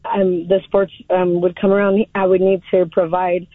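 A woman's voice: fairly low pitch, level tone, dry recording. Woman caller on a tinny phone line. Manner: emotional, halting, many restarts. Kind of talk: call-in radio chat.

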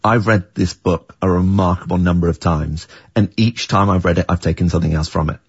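A man's voice: deep voice, steady tone, brisk, husky, no echo. A middle-aged man, the creator and writer of a series, answers interview questions thoughtfully, often restarting his sentences. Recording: dull, dry, lo-fi sound.

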